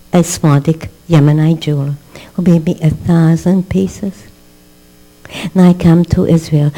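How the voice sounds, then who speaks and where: A woman's voice: low-pitched, dark tone, low-quality recording. Give me an older woman telling a dramatic story. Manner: dramatic storyteller who acts out quoted voices. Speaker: rebbetzin teaching a class. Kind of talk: storytelling lecture. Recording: mains hum underneath.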